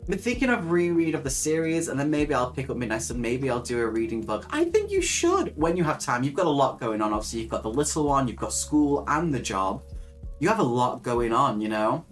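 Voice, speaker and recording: A woman's voice: rumbling low, very animated, a little fast, faint music behind. A young woman hosting a casual live stream, chatting with viewers, reading their comments aloud and laughing often. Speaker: livestream host.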